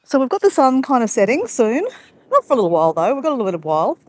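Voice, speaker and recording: Walking a sunset beach with her phone in hand, an Australian woman chats on a casual live-stream, greeting viewers by name. She speaks rapid-fire in a fairly high, darkish voice with big pitch swings.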